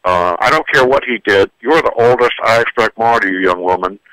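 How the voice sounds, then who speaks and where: An older man, a psychologist and author, gives parenting advice in a radio studio interview, animated, folksy and full of jokes. His lowish voice moves fairly quickly, with no echo but poor audio.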